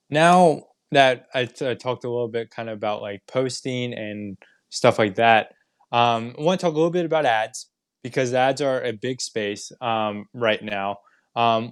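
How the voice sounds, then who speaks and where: A man's voice: medium pitch, dry recording, studio quality. A man giving a live online training on digital marketing, explaining step by step with frequent fillers and restarts over a video call.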